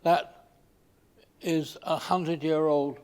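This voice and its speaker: An older man from England giving an informal slide talk, pausing often with fillers and restarts. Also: on the high side, steady tone, a little mellow. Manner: halting, with many fillers and restarts.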